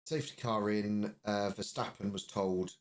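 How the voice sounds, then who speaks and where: A man's voice: fairly low pitch, steady tone, normal speed. A man co-hosting a podcast, recounting race events in a brief, matter-of-fact way. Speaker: podcast co-host. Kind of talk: casual race recap chat.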